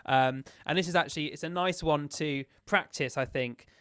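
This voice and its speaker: A man's voice: fairly high pitch, normal speed, noisy background. A man leading a choir sectional rehearsal as music director. He explains the parts step by step and counts in the beats.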